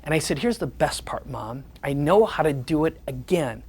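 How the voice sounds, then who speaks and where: A man with a somewhat high voice gives a sales presentation. He leans on personal stories and plays out the back-and-forth of past conversations as he goes. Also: expressive, moderate pace, a little mellow, husky. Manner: storytelling, repeats the words of others in conversation.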